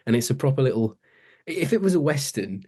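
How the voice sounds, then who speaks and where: A man's voice: mid-range voice, sing-song, quick pace, dark tone, slightly rough. A man co-hosting a podcast in casual chat, laughing and recounting film scenes animatedly. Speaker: podcast co-host.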